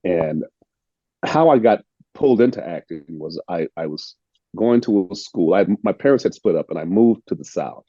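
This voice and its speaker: An older man from the United States, an actor being interviewed, telling stories in a reflective, unhurried way and repeating words as he restarts. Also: deep voice, animated, warm tone, husky, no echo, highs cut off. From United States (Illinois). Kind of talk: casual storytelling interview.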